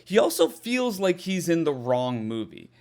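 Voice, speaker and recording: A man reviewing a horror movie in a casual, exasperated way, with a slightly high voice. His pitch swings widely as he mocks the film, and he swears freely. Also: sing-song, a little slow, a little mellow.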